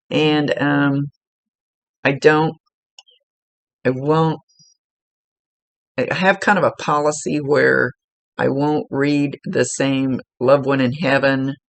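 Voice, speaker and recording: A woman's voice: a bass voice, vocal fry, no room sound. A woman working as a psychic medium, talking through a casual one-on-one reading in a chatty, rambling way, often restarting her sentences.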